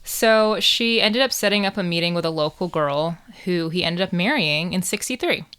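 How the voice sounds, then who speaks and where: Low smooth-voiced woman podcaster. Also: moderate pace, fairly bright tone. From United States. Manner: irreverent, swears and jokes while telling the case. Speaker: podcast co-host. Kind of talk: casual true crime chat.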